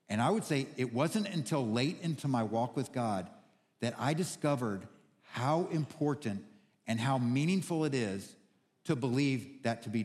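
A man preaching a sermon as pastor, reading scripture aloud and then teaching from it, earnest and building to emphatic points. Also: mid-range voice. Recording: long hall reverb.

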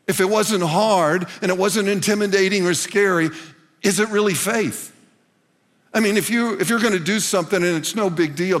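In a large church hall with a long reverb, a high-pitched pastor preaches earnestly to his congregation. He repeats lines for emphasis and addresses the listeners as "guys."

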